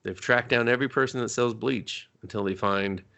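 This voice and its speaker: Male podcast co-host, mid-pitched, sarcastic and foul-mouthed, riffing through a movie recap. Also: creaky, bright, forceful tone. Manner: mocking, swears often, acts out characters in quick voices.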